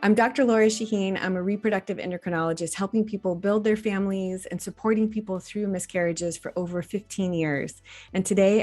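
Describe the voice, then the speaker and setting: A woman doctor in her forties, giving an educational talk to camera in an earnest, gently instructive way. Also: lowish voice. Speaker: reproductive endocrinologist.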